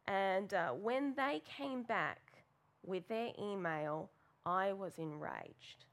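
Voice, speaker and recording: A woman's voice: medium pitch, animated, slow pace. A woman preaching a sermon in church, telling a candid, self-deprecating personal story with plenty of fillers.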